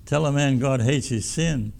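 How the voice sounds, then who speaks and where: A man's voice: mid-range voice, moderate pace, gravelly, a little mellow. A pastor preaching a sermon in a folksy, emphatic way, often repeating his words.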